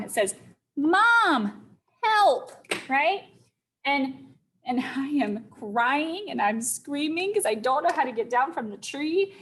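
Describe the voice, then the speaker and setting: A woman's voice: on the high side, slight background noise, poor audio. A teacher telling a young-children's story, checking in often with her listeners. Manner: slow, deliberate, checks in with listeners.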